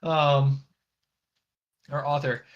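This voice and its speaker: A man's voice: a little high, level tone, very slow, lo-fi sound. A man co-hosting a podcast, recapping anime episodes in a rambling, casual way, swearing now and then and acting out the characters' lines. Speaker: podcast co-host.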